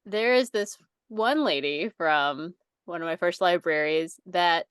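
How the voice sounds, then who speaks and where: A woman's voice: fairly low pitch, unhurried, fairly bright tone, clear, resonant tone, no echo. Chatty woman podcast host, dry close sound. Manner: rambling, laughing, with many fillers. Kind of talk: casual storytelling chat.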